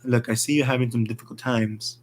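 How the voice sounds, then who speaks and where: A man voicing a kindly older driver, a widower who chats gently. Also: mid-range voice, flat delivery, fairly quick, a little hiss or hum, natural voice. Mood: gentle.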